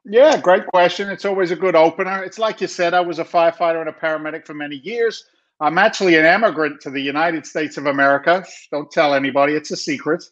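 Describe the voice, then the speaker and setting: A middle-aged Englishman, guesting in a casual interview, tells his story in an animated, chatty manner with frequent laughs and restarts. His voice is fairly high and fast, and the sound is dull and lo-fi.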